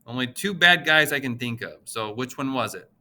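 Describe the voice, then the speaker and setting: A man's voice: mid-range voice, expressive, moderate pace, sharp tone. A man doing a nasal, gossipy old pharmacist. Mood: friendly. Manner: friendly, gossipy, fussing. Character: small, chatty older male pharmacist, fond and nosy. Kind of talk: audiobook character voice.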